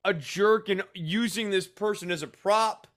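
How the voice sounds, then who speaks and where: A man's voice: high-pitched, measured pace, a bit bright. A man co-hosting a casual comedic discussion, rambling and filling his talk with "like". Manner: rambling, heavy use of "like". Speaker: podcast co-host.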